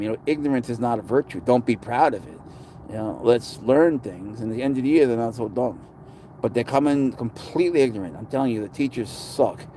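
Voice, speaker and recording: Dark-voiced man chatting casually. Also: medium pitch, a little hiss or hum. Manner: chatty, blunt, sarcastic, with swearing. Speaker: pet owner streaming to viewers. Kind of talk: casual livestream chat reading viewer comments.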